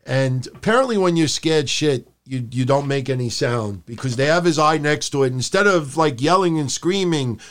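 A man's voice: a little high, lively intonation, normal speed, hardly any pauses. A man co-hosting a wrestling podcast, talking casually and profanely, acting out his rants in a raised voice. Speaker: podcast co-host.

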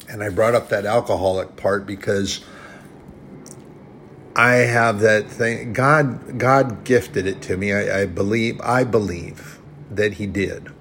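A man's voice: on the low side, fairly bright tone, a little hiss or hum. A man preaching a sermon in an earnest, conversational way, often restarting his sentences.

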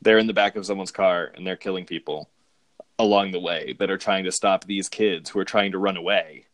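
A man's voice: deep voice, a little fast, no echo. A man in casual chat, rambling and amused as he recaps movie plots, often restarting his sentences.

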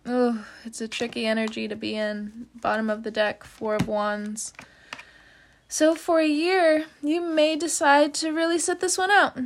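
A woman giving a casual tarot reading, chatty, with many "you know" fillers, frequent little laughs and casual swearing. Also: a little high. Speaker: tarot reader.

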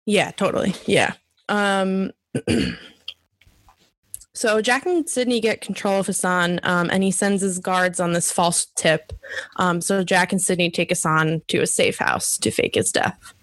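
A woman's voice: lowish voice, fairly even intonation, a little slow, a bit bright, no room sound. Giggly woman recapping a TV show. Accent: strong regional American accent. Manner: giggly, chatty, self-interrupting. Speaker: podcast co-host. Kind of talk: casual chat, recapping a TV episode.

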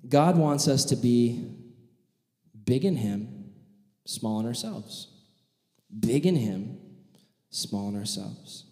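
A man preaching a sermon, telling a vivid story and acting out the voices of its characters in an animated way. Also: mid-range voice, slow, long pauses. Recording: echoey hall with long reverb.

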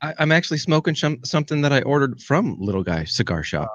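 Brief: relaxed male host, mid-pitched, slightly muffled lo-fi mic, dry close sound. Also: fast, no room sound. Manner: easygoing, upbeat, runs the show. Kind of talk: casual live-stream chat.

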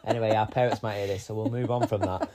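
This is a young man co-hosting a relaxed chat podcast. He tells stories with a lot of animation and plays out both sides of each exchange. He laughs often and swears freely as he goes. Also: on the low side, fast talker, a crowd in the background. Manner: animated storytelling, acting out both sides of a conversation. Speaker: podcast co-host. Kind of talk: casual chat.

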